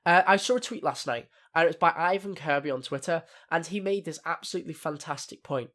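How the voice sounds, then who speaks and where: Young male reviewer, slightly high voice, rambling and full of "uh"s, casual vlog delivery. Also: a little fast, a bit bright. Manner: rambling, many fillers and restarts. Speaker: TV review vlogger.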